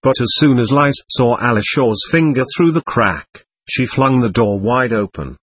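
Male audiobook narrator, husky, lively pitch, reads a classic novel expressively. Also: normal speed. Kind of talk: scripted narration.

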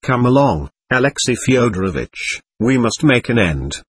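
A shabby, bitter captain mocks himself in long ironic ramblings, as a man reads him. The voice is husky and lively in pitch, recorded dry and close. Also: normal speed, no room sound. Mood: bitter irony. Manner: ironic, self-abasing rambling. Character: shabby, bitter, clowning middle-aged captain.

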